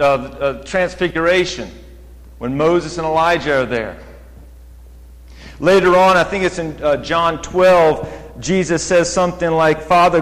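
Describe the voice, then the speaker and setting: A man preaching a sermon as a guest speaker, measured and deliberate, slowing down to dwell on scripture quotes and rising in pitch as he builds emphasis. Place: church sanctuary. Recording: long church reverb.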